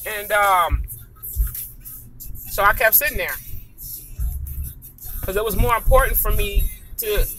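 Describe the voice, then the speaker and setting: A woman's voice: medium pitch, slow, long pauses, pushed and bright, soft background music, poor audio. A woman vlogger from Saint Paul, Minnesota, delivering a heated, indignant rant to camera and repeating her points for emphasis. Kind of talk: angry personal rant to camera.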